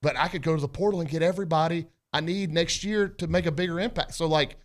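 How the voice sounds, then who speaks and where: A man's voice: on the high side, quick pace. A male sports radio host arguing his points emphatically, speaking directly to his listeners and co-hosts.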